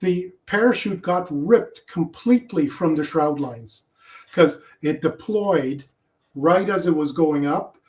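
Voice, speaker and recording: A man presenting his rocket launch slides in a casual talk over a video call, halting often with fillers and restarts. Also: fairly high pitch, darkish tone.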